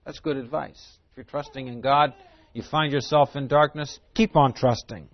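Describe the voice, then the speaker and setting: A man's voice: mid-range voice, fairly even intonation, normal speed, no room sound, muffled recording. A man giving a Bible teaching sermon. He reads scripture aloud, explains it plainly and poses rhetorical questions in a conversational way. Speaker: preacher.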